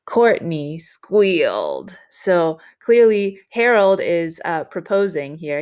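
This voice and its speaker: A woman teacher explaining a writing lesson in a measured way, with frequent fillers. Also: low-pitched.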